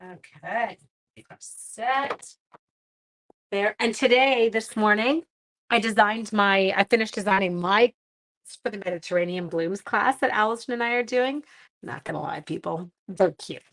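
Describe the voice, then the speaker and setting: A woman's voice: medium pitch, unhurried, fairly bright tone. Chatty woman teaching a crafting livestream. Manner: chatty, rambling asides to viewers and her dog. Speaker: card-making instructor. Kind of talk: live-streamed crafting tutorial. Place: home craft room.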